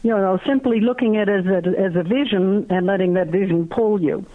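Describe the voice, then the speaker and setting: A guest author answering interview questions in a halting way, with many pauses and restarts, heard over a phone line. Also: mid-range voice.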